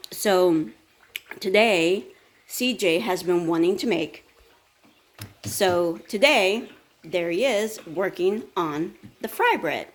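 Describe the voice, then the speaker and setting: Tired fitness-coach woman, chatty morning vlog, slightly low voice, rambling delivery. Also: expressive, slow pace. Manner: chatty, rambling, talks with her mouth full. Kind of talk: casual morning chat.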